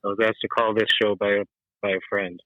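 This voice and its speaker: A man playing a halting, awkward caller. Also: fairly low pitch, little pitch movement, no echo, highs cut off, lightly acted. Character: awkward shy caller with intimacy trouble. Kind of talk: improvised comedy sketch.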